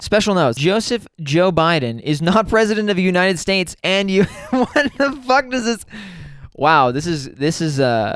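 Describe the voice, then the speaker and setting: A young man giving sarcastic, profane reaction commentary over clips, with quick mocking asides. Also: a little high, expressive, fairly bright tone, soft background music. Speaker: commentary vlogger.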